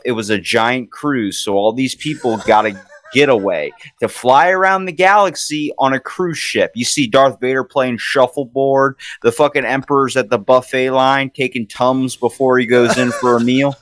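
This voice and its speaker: A podcast co-host with a middle-pitched man's voice, deadpan and wisecracking, fond of crude jokes. He is recorded close with a dry, dead sound and no room around him. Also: moderate pace, no echo. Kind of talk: casual podcast chat.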